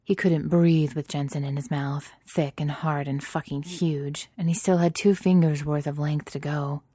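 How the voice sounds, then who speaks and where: A woman reading erotic fiction aloud in a soft, intimate, steady manner, slipping into breathy whispers at times. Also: sits low, moderate pace, dry recording. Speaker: narrator.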